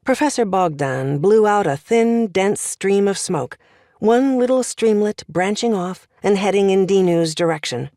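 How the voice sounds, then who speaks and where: Narrating from an audiobook script, a woman tells the story in a measured, expressive way using a mid-range voice. The sound is dry and studio clean.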